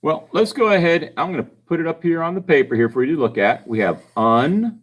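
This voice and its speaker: A man's voice: a little high, lively intonation, fast. A man giving a phonics lesson to children, patiently sounding out words syllable by syllable. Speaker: reading tutor.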